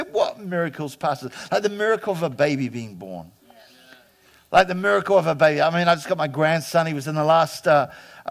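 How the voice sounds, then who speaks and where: A high-pitched man in his fifties preaches with emphatic energy. He acts out the voices of the people in his stories and swings from loud declarations to hushed asides. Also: creaky. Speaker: pastor. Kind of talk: sermon.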